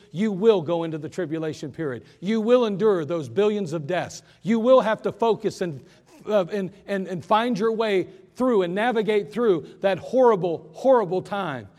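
A man preaching an impassioned sermon in a church, swinging between loud urgent pleas and quiet hushed moments. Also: high voice, big-room sound. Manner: impassioned preaching, rising and falling in force. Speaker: pastor.

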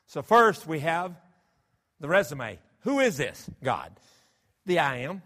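A man's voice: fairly high pitch, sing-song, takes it slowly, pauses often, a bit bright. A man preaching a sermon, emphatic and full of rhetorical questions to his congregation. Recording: long hall reverb.

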